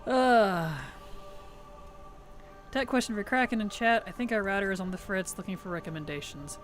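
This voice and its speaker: A woman's voice: mid-range voice, normal speed, faint music behind. A woman streamer in casual livestream chat, thanking subscribers, answering chat and giggling often.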